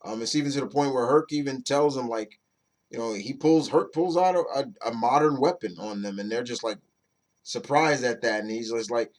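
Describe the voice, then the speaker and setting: At a normal speed, a man whose voice sits in the middle range gives a laid-back, meandering comic book review. He often backs up to restart a sentence, and he swears now and then.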